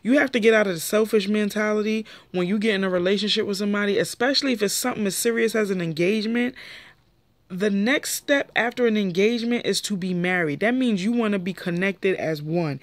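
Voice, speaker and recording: A woman's voice: brisk, no echo. Opinionated young woman recapping a TV show, dry sound. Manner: animated, opinionated, jumps pitch when quoting people. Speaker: show reviewer. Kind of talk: casual TV recap commentary.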